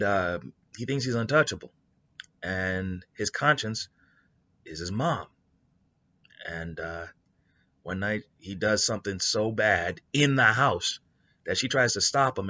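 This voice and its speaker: A man with a very low but bright, forceful voice tells a story pitch in a loose, rambling style. The sound is dull and lo-fi. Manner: rambling, with many fillers and restarts. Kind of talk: casual spoken story pitch. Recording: dull lo-fi recording.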